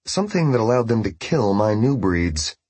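A man voicing a cold, menacing male interrogator with a cool, measured delivery. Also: on the low side, sing-song, darkish tone, slightly rough, no room sound, voice pushed up.

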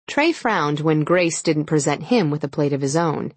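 A woman narrating an audiobook in an even, measured storytelling manner. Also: low-pitched, no echo. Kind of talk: scripted narration.

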